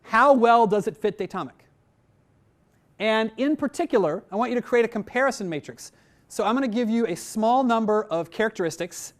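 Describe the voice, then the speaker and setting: A man teaching a technical class, talking conversationally with frequent "right?" checks and filler words, addressing his students directly. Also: high voice. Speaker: instructor. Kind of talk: technical training lecture.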